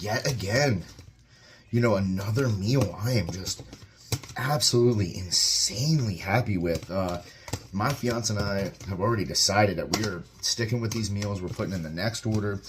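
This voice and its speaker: A young man in his home kitchen, chatting casually and excitedly as he reviews a meal, rambling and tasting as he goes. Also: low-pitched, slight background noise. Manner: upbeat, rambling, talks while eating. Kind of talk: casual vlog chat. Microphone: camera mic, propped-up phone without tripod.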